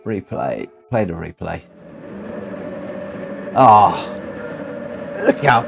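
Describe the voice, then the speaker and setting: Excited man streaming a racing game. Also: sits low, extremely slow, over music. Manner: excited, breathless, heartfelt. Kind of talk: live game commentary. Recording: clear background noise.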